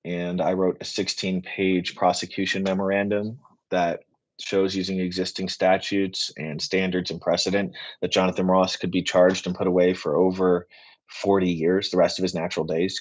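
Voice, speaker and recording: A man hosting a live Q and A stream, talking in a passionate, rapid, rambling way. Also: sits low, monotone. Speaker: political writer and activist host.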